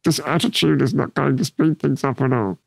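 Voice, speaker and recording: A man's voice: medium pitch, fairly quick, vocal fry, husky, no echo. A man voicing an overly polite male phone salesman, using formal, prim sales patter.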